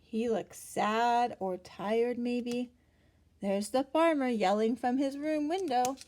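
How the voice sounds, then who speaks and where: Lady reading a kids' picture book out loud, high voice, nice and slow. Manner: gentle, asks the listener questions, gasps for effect. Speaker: storyteller reading to children. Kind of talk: picture-book read-aloud.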